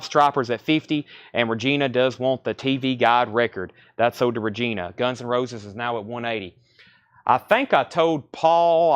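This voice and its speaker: A man hosting a live-streamed record sale, listing records and prices in rapid, brisk sales patter. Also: medium pitch. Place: record store.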